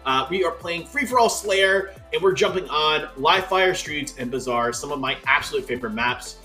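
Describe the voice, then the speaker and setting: A Canadian man hosting an esports tournament desk, excitable and full of "like" fillers. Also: on the high side, moderate pace, faint music behind. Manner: excitable, filler-heavy with lots of "like". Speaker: tournament host.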